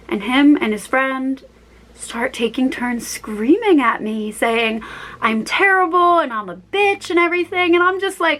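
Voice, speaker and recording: Chatty young woman, slightly high voice. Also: a little slow, low-quality recording. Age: young adult, about 21. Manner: chatty, rambling, tangents and self-corrections; animated, acts out her own quoted lines. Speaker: vlogger. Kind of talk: casual storytime chat.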